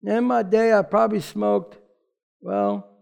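High, gravelly-voiced male preacher. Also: fairly even intonation, unhurried. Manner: informal and emphatic, drops to a hushed, emotional tone. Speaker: pastor. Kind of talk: conversational sermon.

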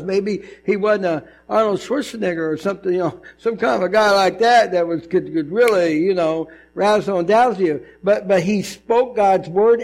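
A male pastor giving a conversational, animated sermon, often acting out voices in his stories. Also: high-pitched.

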